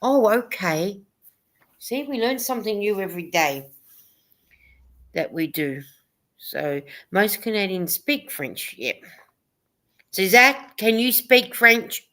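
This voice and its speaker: A woman's voice: medium pitch, animated, slow pace, pauses often, sharp tone. A woman hosting a casual livestream chat, rambling a little and reading viewer comments aloud. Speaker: host of a live chat stream.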